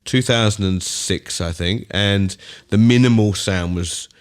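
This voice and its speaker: A middle-aged Australian man telling rambling, animated stories as a podcast guest. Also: lowish voice, a little slow, clear, resonant tone. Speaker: guest DJ and producer. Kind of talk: podcast storytelling.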